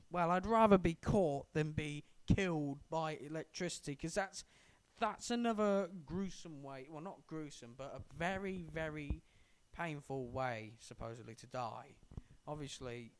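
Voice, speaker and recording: A young Englishman co-hosts a casual podcast, rambling, stumbling over his words and correcting himself as he chats. His voice is on the high side and smooth, though he has a sore throat.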